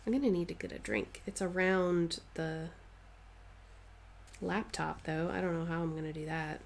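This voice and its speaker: A woman's voice: lowish voice, normal speed, creaky, slight background noise. A woman chatting casually on a live stream while she stitches, answering viewers' comments and playfully dramatizing her stories.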